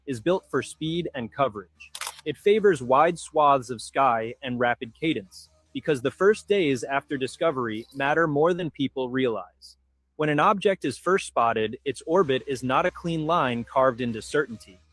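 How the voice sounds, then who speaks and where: A man delivering measured, polished scripted narration for a science documentary. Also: mid-range voice, animated, a bit bright, dry recording.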